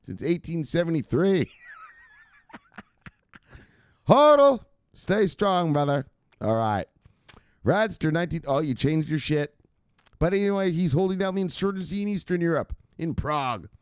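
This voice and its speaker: A man hosting a casual crypto news livestream, joking and cursing as he gives animated shout-outs to viewers. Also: fairly high pitch, unhurried, long pauses, smooth, dry recording, clean studio sound.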